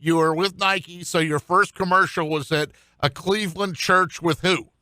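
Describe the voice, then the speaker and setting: A man's voice: high voice, fairly even intonation, normal speed, bright, forceful tone, dry recording. A man hosting a sports radio show, asking questions in a rambling, chatty way full of fillers. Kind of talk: casual radio interview.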